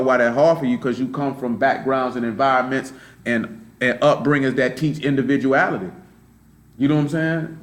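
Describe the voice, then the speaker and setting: A man preaching an informal sermon in loose street slang, telling stories and often checking in with "you know what I'm saying". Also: medium pitch. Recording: roomy live-stream sound.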